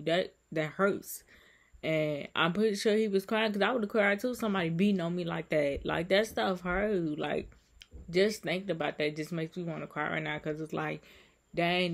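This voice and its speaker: A woman's voice: fairly low pitch, gravelly. A woman vlogger speaking in an emotional, repetitive and soothing way, giving heartfelt encouragement to her viewers. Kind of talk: heartfelt encouraging vlog talk.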